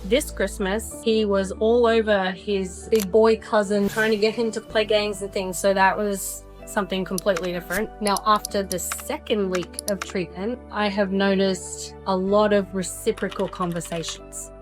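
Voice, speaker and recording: A woman's voice: medium pitch, flat delivery, normal speed, few pauses, soft background music. A woman speaking earnestly and with relief about her son's changes, in a testimonial interview. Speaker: parent giving a testimonial.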